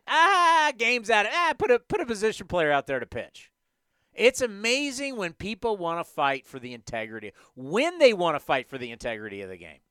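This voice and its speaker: A man hosting a sports talk show, ranting emphatically in a lively, animated way. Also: high voice, clean tone, dry recording. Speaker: host.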